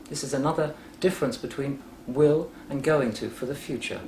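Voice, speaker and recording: A man's voice: mid-range voice, darkish tone. Patient male English teacher, roomy echo. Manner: patient, clear and deliberate. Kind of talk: explaining grammar through a story. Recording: roomy echo with faint background noise.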